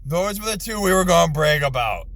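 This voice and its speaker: A man's voice: lively intonation, fairly quick, dry recording, low-quality recording. Fired-up cursing man ranting from his car. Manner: profane, exasperated, voice jumps high when yelling. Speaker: ranting vlogger, army veteran. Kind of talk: angry profane rant.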